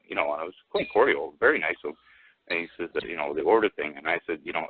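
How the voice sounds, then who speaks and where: A man telling a rambling personal story over the phone, halting with many restarts and fillers. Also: rumbling low, slightly rough, no room sound. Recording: tinny phone line, dry.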